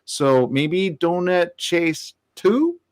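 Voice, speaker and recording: A man's voice: high voice, very animated, very slow, clean tone. A man hosting an interview over a video call, chatty and playful with his guests. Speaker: interview host. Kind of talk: casual interview chat.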